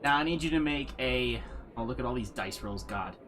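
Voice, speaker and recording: A man narrating a tabletop game as game master, animated and laughing often. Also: medium pitch, brisk, soft background music.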